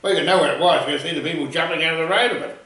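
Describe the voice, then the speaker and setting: A man telling a comic anecdote in a rambling, animated way. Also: fairly high pitch, rapid-fire. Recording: echoey room, voice far from mic.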